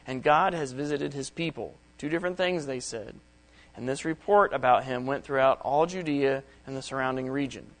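A man's voice: mid-range voice, poor audio. A middle-aged man preaching a Bible study sermon, reading verses aloud and explaining them plainly. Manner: reads scripture aloud, then explains it in plain words.

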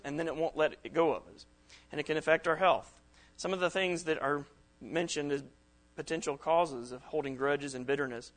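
A man's voice: on the high side, a bit bright. A middle-aged man preaching a sermon to young people at a camp, in a conversational way, acting out the quoted texts and reactions he describes.

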